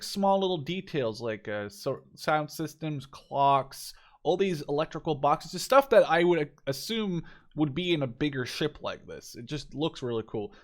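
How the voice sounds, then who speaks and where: A young man, not a native English speaker, giving a casual, chatty walkthrough of a video game, full of fillers and self-corrections. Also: fairly high pitch. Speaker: gameplay video creator.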